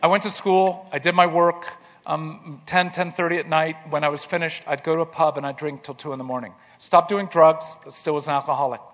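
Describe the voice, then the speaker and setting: A man telling a personal story in an earnest way, repeating words as he starts and going quiet in tender moments. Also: on the high side, steady tone, a little fast, big-room sound. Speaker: speaker telling his life story.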